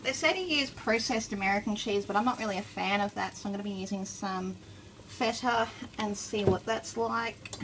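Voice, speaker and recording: A woman's voice: mid-range voice, moderate pace. A woman hosting a casual cooking vlog, chatting through each step as she makes ramen. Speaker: mukbang host. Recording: loud kitchen noise behind her. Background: cooking, cutlery and pan sounds.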